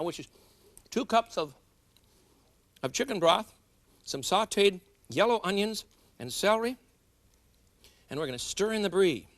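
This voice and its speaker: Cooking show host, middle-aged man, slightly high and very animated, chatty and self-mocking. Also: dry recording. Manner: chatty, jokes with viewers, laughs at himself. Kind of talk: cooking demonstration. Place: studio kitchen.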